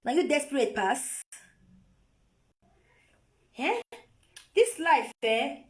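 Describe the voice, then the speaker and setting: A woman's voice: sits high, very animated, extremely slow. A Nigerian woman on a phone live video, lecturing her viewers in a scolding, repetitive way. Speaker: vlogger.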